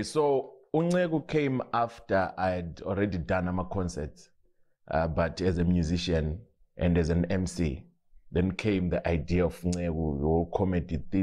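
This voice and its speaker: A man with a Zimbabwean Ndebele accent, a comedian telling stories in a relaxed interview. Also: deep voice. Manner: relaxed storytelling with frequent restarts and laughs. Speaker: comedian guest. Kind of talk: casual interview, mixing English and Ndebele.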